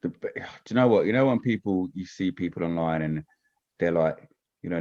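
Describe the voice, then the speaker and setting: Man, podcast guest, lowish voice, rambling casual chat, muffled lo-fi sound. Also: darkish tone. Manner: rapid, rambling, keeps asking "do you know what I mean".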